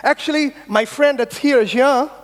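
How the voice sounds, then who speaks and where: High-voiced man keynoting in a reverberant hall. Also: unhurried. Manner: energetic, insistent, swears, acts out quoted voices. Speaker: keynote speaker. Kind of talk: conference keynote talk. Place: large conference hall.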